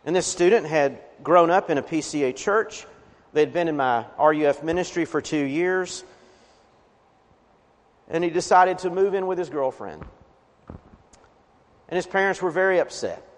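Earnest pastor in a reverberant hall. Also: male voice, a little high, expressive, moderate pace, long pauses. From Appalachian region of the US. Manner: earnest preaching, emphatic swells on key words. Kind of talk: sermon.

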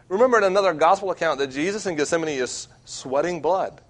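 A young man preaching as a campus minister, earnest and self-deprecating, with wide swings between loud and quiet. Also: on the high side, lively intonation, a little fast, few pauses. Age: young adult. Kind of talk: sermon.

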